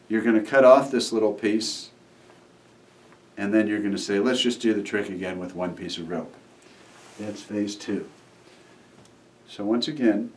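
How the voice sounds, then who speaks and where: Male magician, lower register, easygoing how-to delivery; records a bit off the mic. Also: far from the mic. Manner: relaxed, acts out the kids' replies while demonstrating. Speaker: magician teaching a trick. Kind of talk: casual how-to explanation.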